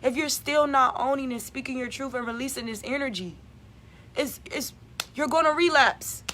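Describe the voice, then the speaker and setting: A woman's voice: high voice, moderate pace, fairly bright tone, a little hiss or hum. A woman giving an emphatic, repetitive spiritual vlog monologue as a channeler.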